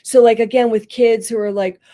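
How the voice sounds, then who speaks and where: A middle-aged woman, a school psychologist appearing as a podcast guest, speaks at a normal speed in a voice on the high side. She explains counseling techniques conversationally and tells anecdotes with animation, acting out the voices in her quotes.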